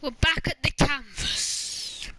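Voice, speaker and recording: A woman's voice: sits high, takes it slowly, bright, forceful tone. A woman commenting while playing a horror game, chatty and joking, with shrieks at scares. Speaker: gamer. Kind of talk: let's play commentary.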